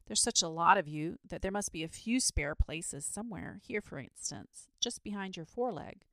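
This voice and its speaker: A woman's voice: on the low side, expressive, normal speed, fairly bright tone, no echo, studio quality. Woman doing an earnest, patient knight. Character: earnest, persuasive knight, a grown man.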